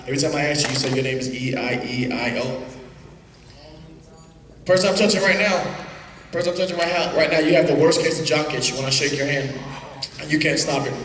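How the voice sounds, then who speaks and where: A man's voice: on the high side, a little fast, long pauses, fairly bright tone. A male stage hypnotist giving repetitive, playful commands to volunteers during a live show. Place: theater stage before a live audience. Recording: echoey hall from far off with crowd.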